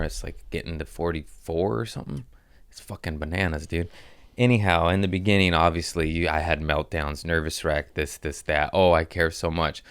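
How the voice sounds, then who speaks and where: Low-voiced man telling a rambling story. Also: clean tone, no echo, clean studio sound. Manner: rambling, laughs often, swears casually. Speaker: podcast host and stand-up comic. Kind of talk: casual storytelling chat.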